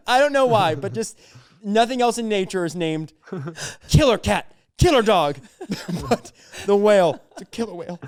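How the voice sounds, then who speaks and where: A young man with a high, smooth voice riffs through comedy bits, laughing as he goes. The sound is close and dry. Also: very animated, slow pace, no room sound. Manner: giggly, riffing through bits with quoted voices. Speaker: podcast co-host. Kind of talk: casual comedy chat.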